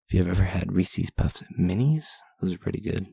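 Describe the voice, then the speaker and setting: Gravelly, husky-voiced young man ranting. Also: deep voice, animated, normal speed, dark tone, dry recording. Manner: ranting, rambling, self-deprecating. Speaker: podcast host. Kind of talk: casual solo podcast monologue.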